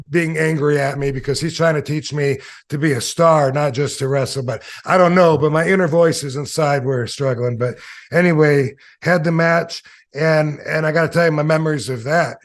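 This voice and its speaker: A former wrestler in his fifties talks casually in a slightly high voice. He spins loose, rambling anecdotes full of fillers and now and then mimics the people he quotes. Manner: acts out quoted voices in stories. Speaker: interview guest, former wrestler. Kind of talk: casual storytelling interview.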